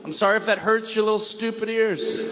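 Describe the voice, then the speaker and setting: A man bluntly mocking his listeners in a rant with loud bursts. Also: high-pitched, fairly even intonation, brisk, very noisy.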